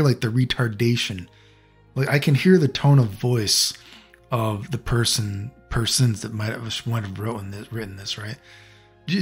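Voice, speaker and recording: Blunt, husky-voiced man ranting. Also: medium pitch. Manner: blunt, profane and ranting, with many restarts. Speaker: channel host. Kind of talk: casual video rant.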